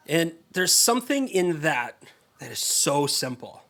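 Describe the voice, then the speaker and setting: A man preaching a sermon, telling the story in a casual, lively way and acting out the characters' voices. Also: fairly high pitch, slow pace, pauses often. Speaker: pastor.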